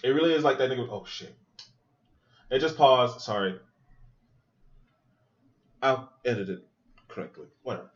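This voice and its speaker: Male podcast host with a very animated, crude watch-along delivery and a muffled lo-fi sound. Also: mid-range voice, moderate pace, pauses often. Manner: loose, profane, joking running commentary. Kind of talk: casual movie watch-along commentary.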